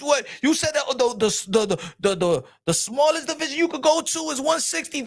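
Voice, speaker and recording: Guy ranting on a boxing stream, cussing and repeating himself, raspy voice all over the place. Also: extremely high pitch, animated, a little fast, hardly any pauses. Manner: exasperated, repetitive, profane. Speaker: boxing channel host. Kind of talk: livestream rant answering chat.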